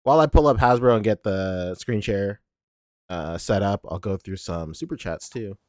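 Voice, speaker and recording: A man's voice: on the low side, moderate pace, darkish tone, no echo, clean studio sound. A man co-hosting a podcast, reading out viewer messages in a laid-back way. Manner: laid-back, laughing often. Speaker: podcast co-host.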